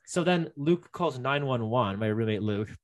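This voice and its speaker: A man's voice: medium pitch, animated, moderate pace. Young man rambling through a story. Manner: rambling, many fillers and restarts. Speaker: guest telling a story. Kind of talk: casual chat.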